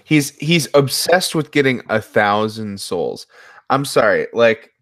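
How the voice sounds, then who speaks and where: A man's voice: medium pitch, lively intonation, takes it slowly, fairly bright tone. A man from the Midwest co-hosting a casual film podcast, tossing off sardonic jokes. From Midwest of the United States. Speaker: podcast co-host.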